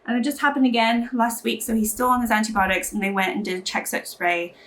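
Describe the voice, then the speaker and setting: A woman's voice: on the high side, fairly even intonation, fairly quick, fairly bright tone. A woman beauty vlogger chatting casually while getting ready, rambling with lots of fillers. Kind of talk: chatty get-ready-with-me talk.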